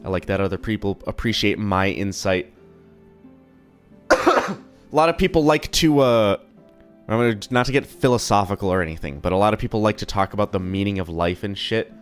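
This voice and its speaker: A young man streaming from home, chatting casually in a rambling, profane, self-deprecating way, his voice a little low from being slightly sick. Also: lively intonation, fairly quick, smooth, soft background music. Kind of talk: casual live-stream chat.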